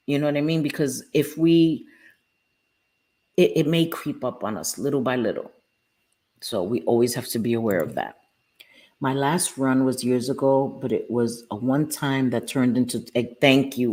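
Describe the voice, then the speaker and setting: A woman's voice: very deep voice, darkish tone. A woman hosting a live stream, talking candidly and earnestly to her viewers about her recovery and answering them by name. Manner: earnest, heartfelt, reads out viewers' names. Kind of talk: candid casual talk to viewers.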